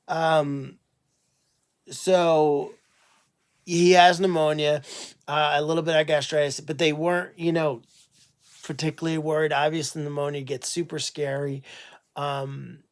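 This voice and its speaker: A man who runs an animal sanctuary, talking casually on a livestream, tired and unwell, halting with many fillers and restarts. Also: on the high side, little pitch movement, clear, resonant tone.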